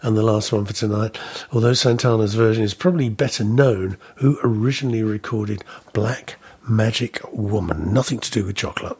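A man presenting a casual local radio show from the studio, chatty and self-deprecating, his voice a little rough at the moment. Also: lowish voice, moderate pace, hardly any pauses, darkish tone. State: slightly rough voice.

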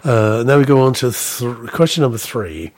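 A man presenting a casual local radio show from the studio, chatty and self-deprecating, his voice a little rough at the moment. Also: medium pitch, animated, moderate pace, darkish tone. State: slightly rough voice.

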